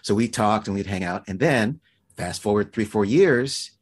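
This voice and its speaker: A man, a guest actor, telling stories in a casual chat, animated and halting with frequent restarts and fillers. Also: on the low side, breathy edge.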